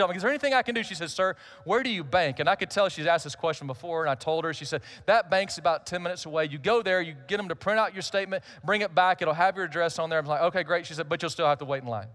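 A man's voice: fairly high pitch, a bit bright. A middle-aged male pastor, telling a humorous personal story in a conversational sermon.

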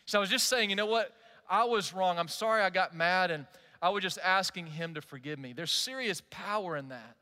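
A man in his forties, a pastor delivering an animated, conversational sermon and putting direct questions to his listeners. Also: high voice, a little fast, big-room sound.

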